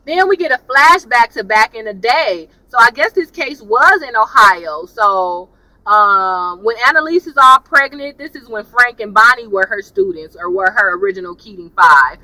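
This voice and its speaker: A woman with a high voice rambling casually through a TV episode review while driving in her car, often saying "y'all". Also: moderate pace, no room sound, low-quality recording. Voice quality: high voice, especially when excited. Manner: chatty and rambling, laughs often, says "y'all".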